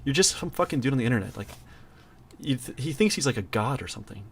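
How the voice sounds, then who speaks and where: A man's voice: medium pitch, expressive, creaky, a little hiss or hum. Blunt, swearing man in casual chat. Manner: blunt and profane, quick bursts.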